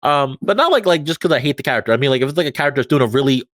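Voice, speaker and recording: A man's voice: medium pitch, rapid-fire, no room sound. A man co-hosting a podcast about visual novel narration, chatting casually, laughing often as he tells stories. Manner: laughs often, animated storytelling. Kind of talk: casual chat.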